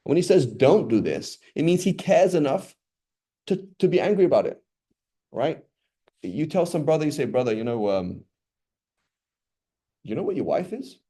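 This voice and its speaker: A man teaching an informal religious lesson in a mosque, chatty and animated, often asking the audience questions. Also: on the high side, moderate pace, long pauses, slightly rough. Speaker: teacher giving a talk in a mosque.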